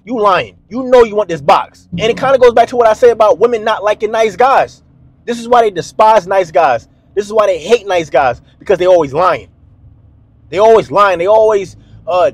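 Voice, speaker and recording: A man hosting a dating advice video, talking bluntly and emphatically to camera in a slangy, repetitive way. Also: high-pitched. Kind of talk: direct-to-camera advice monologue.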